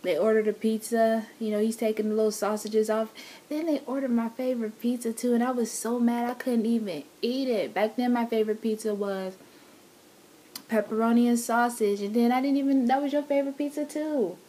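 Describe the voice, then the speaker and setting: A woman's voice: fairly high pitch, fairly even intonation, fairly quick, warm tone. A woman vlogger casually telling her love story, teasing and laughing with her partner.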